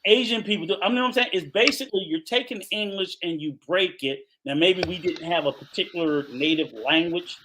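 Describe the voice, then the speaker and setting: Animated bright-voiced older man telling stories. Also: sits high, a little fast, hardly any pauses, a little hiss or hum. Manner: animated storytelling, laughs often, acts out voices. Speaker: podcast co-host. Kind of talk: casual podcast chat.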